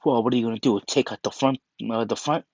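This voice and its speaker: A man's voice: medium pitch, quick pace, a little mellow, no room sound, lightly acted. A man doing a taunting demon. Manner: mocking. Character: taunting male demon head. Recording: muffled lo-fi dry recording.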